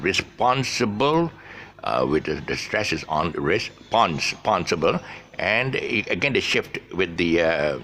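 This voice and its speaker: A low-pitched man gives a casual English pronunciation lesson, his voice bright and rising and falling a lot. He overstresses syllables on purpose and stumbles through restarts and fillers. A faint ambient hum sits behind him. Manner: explains with many restarts and fillers; exaggerates stressed syllables to demonstrate. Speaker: English teacher.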